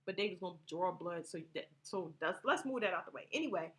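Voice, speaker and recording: A woman's voice: lowish voice, expressive, fast. A woman vlogger telling personal stories to her viewers in a loose, rambling way, swearing freely and laughing as she talks. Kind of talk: casual storytelling to viewers.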